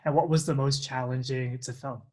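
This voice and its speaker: Man asking steady interview questions. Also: medium pitch, moderate pace.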